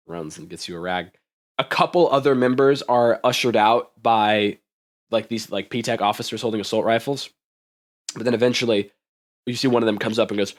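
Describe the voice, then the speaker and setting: A man's voice: lowish voice, normal speed. A man narrating a tabletop game as game master, vivid and often laughing.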